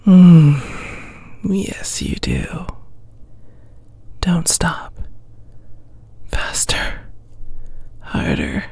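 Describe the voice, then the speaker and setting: A woman in a whispered role-play, talking in a slow, commanding, coaxing whisper. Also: mid-range voice, darkish tone, breathy edge, no echo. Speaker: ASMR performer.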